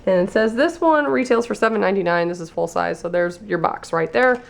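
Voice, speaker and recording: A woman's voice: medium pitch, a little fast, creaky. A woman vlogger losing her voice, chatting casually through a beauty box unboxing and reading labels aloud.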